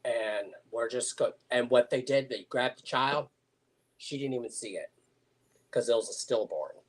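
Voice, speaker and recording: A man in his forties telling personal stories in casual conversation, hesitant and full of fillers. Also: medium pitch. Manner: slow, hesitant storytelling with many fillers.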